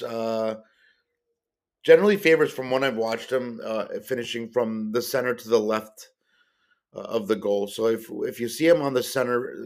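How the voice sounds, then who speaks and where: A man hosting a solo podcast, talking casually about soccer players, rambling with many fillers and stopping to correct himself. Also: lowish voice. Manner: rambling, many ums and uhs, self-correcting. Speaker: podcast host. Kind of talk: casual solo sports-card podcast talk.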